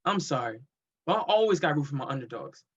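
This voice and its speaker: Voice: medium pitch, big pitch swings, fast talker, a bit bright, husky. An actor playing an easygoing young man who talks in casual slang, read over a video call. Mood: laid-back. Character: laid-back young man rooting for underdogs. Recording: dull lo-fi mic.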